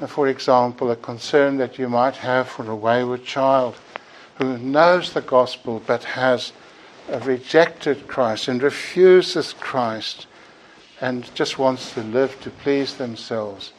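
A man's voice: medium pitch, slow pace, a little hiss or hum, poor audio. A man preaching a sermon in a church, earnest and emphatic, sometimes repeating words as he builds a point.

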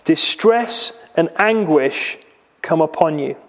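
A man's voice: a little high, expressive, takes it slowly, long reverb tail. A man preaching a sermon in a church, explaining a passage with rhetorical questions and vivid retelling.

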